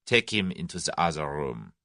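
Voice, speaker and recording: An actor voicing a cold, commanding German conspirator with a clipped, threatening delivery. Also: male voice, rumbling low, very animated, normal speed, sharp tone, dry recording, studio quality, pitched below the performer's own voice, full character voice.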